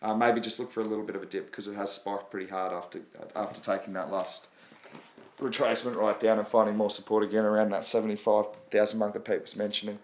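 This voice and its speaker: A man with an Australian accent hosting a casual crypto livestream, talking quickly and rambling. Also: lowish voice, level tone, echoey room. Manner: quick, rambling, apologetic about his pace. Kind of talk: casual live chat.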